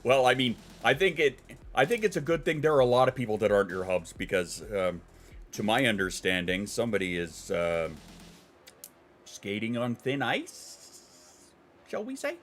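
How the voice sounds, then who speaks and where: A man's voice: lowish voice, a little fast, a little hiss or hum. A man hosting a casual livestream, rambling and joking with plenty of profanity. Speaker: livestream host.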